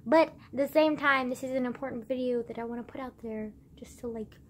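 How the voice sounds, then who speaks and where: A woman's voice: high voice, steady tone, fairly quick, few pauses, a little hiss or hum. A teenage girl ranting casually in a vlog, exasperated and full of fillers and swearing. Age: teens. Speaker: vlogger.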